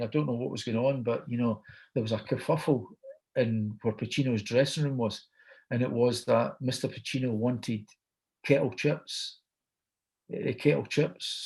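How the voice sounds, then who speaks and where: Gravelly and somewhat dark in tone, this mid-range voice belongs to a middle-aged man with a Scottish accent. Speaking at a moderate pace, the guest storyteller tells an anecdote in a chatty way, voicing other people's lines in dialogue.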